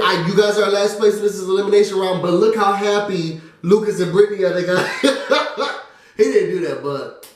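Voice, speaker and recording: A chatty, excitable man with a high voice runs through a TV recap. He fills gaps with "um" and "da, da, da." His voice rings around a bare, echoey room. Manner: chatty and excitable, drops fillers and "da, da, da". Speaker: TV recap vlogger. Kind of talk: casual recap and review.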